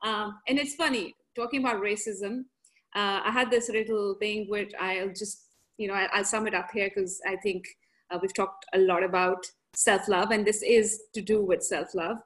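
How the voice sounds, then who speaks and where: A woman who grew up in several countries, a podcast guest telling stories in a casual, lively way, laughing often and slipping into other people's voices. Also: medium pitch, normal speed. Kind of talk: casual conversational storytelling.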